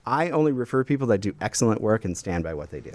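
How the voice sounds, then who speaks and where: A man's voice: lowish voice, sing-song, fast talker, darkish tone, no echo. A man, a real estate broker, telling client stories in a casual radio talk with studio mics. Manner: storytelling, quotes clients.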